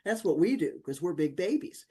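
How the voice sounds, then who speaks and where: A woman's voice: normal speed, husky. An older woman, a guest on a talk show, telling personal stories in casual chat, acting out the voices of people in them and laughing often. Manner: animated, acts out dialogue with big pitch jumps, laughs often. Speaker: podcast guest, author.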